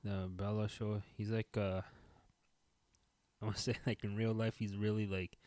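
Lively man with a low voice, mixing in Spanish. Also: unhurried, dry recording. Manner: animated storytelling, drops in Spanish words. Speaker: podcast co-host. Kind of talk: casual podcast chat.

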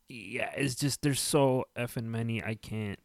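A man's voice: mid-range voice, takes it slowly, gravelly, no echo, clean studio sound. A man co-hosting a podcast, talking loosely and jokingly, with casual swearing. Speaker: podcast co-host. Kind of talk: casual chat.

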